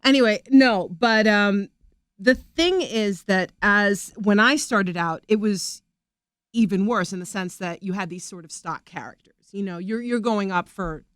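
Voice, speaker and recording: A middle-aged woman, an actress, talking casually in an interview, animated and rambling, often laughing. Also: mid-range voice, a little slow, clean tone, no echo, clean studio sound.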